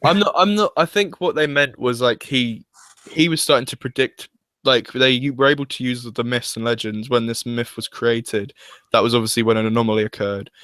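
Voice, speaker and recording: A man's voice: medium pitch, steady tone, brisk, fairly bright tone, dry recording. A young man chatting casually as a fan reviewer, hesitant and full of restarts and fillers. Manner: hesitant, restarts often, uses "like" a lot. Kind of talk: casual chat.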